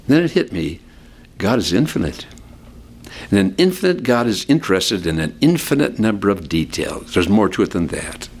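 A man's voice: normal speed, slightly rough. A male pastor preaching an expository sermon in a conversational way, explaining scripture with friendly asides. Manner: animated, sweeping pitch for emphasis.

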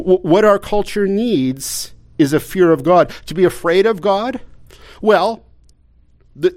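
A man delivers a sermon in a slightly raised pitch. He talks plainly and conversationally, stumbling into repeated words and restarts. He keeps asking his listeners rhetorical questions. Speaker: pastor.

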